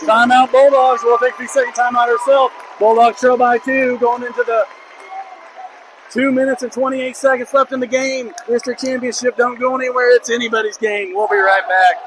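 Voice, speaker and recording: A man calling a high school basketball game play-by-play, excitable and openly rooting for the home team. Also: normal speed. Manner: excitable, openly biased toward the home team, shouts on big plays. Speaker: play-by-play commentator. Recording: noisy gym crowd behind. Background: crowd noise.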